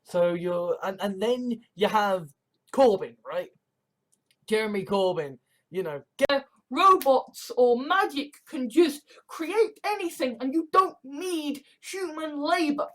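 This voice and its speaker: A woman's voice: sits high, lively intonation, slow, a bit bright. A woman vlogging, ranting bluntly and swearing constantly as she comments. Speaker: video blogger.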